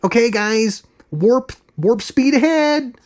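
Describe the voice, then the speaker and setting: A man mocking a slow-drawling woman politician. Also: very high voice, animated, pitched above the performer's own voice, exaggerated voice.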